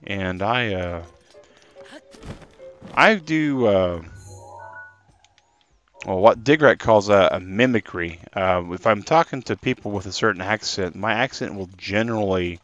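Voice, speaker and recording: Man streamer, casual rambling chat to viewers, low-pitched voice, slightly dull lo-fi mic. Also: expressive, unhurried, pauses often, fairly bright tone, dry recording, soft background music. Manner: chatty and rambling, talking to chat. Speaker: streamer playing a game live.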